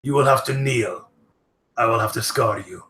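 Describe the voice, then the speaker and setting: A man's voice: mid-range voice, moderate pace, fairly bright tone, roomy sound, recorded from a distance, slight background noise, lightly acted. A man voicing a proud, demanding male orc emissary who speaks in stern, formal threats.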